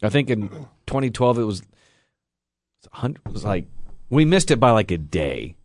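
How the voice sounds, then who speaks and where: A man co-hosting a radio show, chatting casually and quick to agree and laugh. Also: on the low side, big pitch swings, darkish tone, a little hiss or hum. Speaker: radio co-host. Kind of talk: casual chat.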